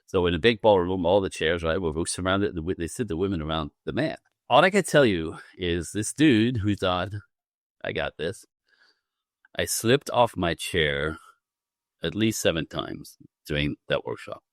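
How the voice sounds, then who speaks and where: A man with a low voice tells a personal story as a podcast guest, acting out every quoted line and laughing along the way. He is a relationship coach, lively and expressive. The sound is dry and close, with no room around it. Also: moderate pace, dry recording. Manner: animated storyteller, acts out quotes with big pitch jumps, laughs often. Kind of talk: storytelling in a casual interview.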